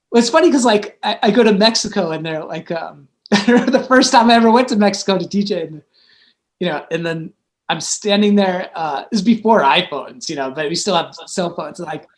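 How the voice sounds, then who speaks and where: A man, a guest musician and DJ, telling stories in a casual, rambling chat full of fillers. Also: high voice.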